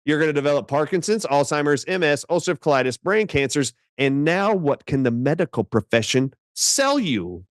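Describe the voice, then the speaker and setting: A man speaking as a doctor guest in an interview, telling stories in an emphatic, animated way. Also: a little high, fairly quick, hardly any pauses, dry recording, clean studio sound.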